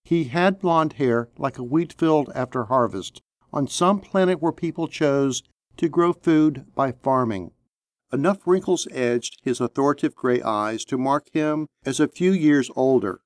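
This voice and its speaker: A man narrating an action story in a steady, measured audiobook reading. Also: mid-range voice, no room sound, studio quality.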